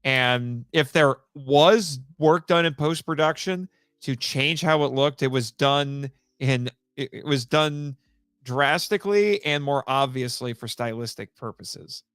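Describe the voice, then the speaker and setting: A man co-hosting a podcast in casual chat, quick to laugh. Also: medium pitch, a bit bright, smooth, no echo, clean studio sound. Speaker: podcast co-host.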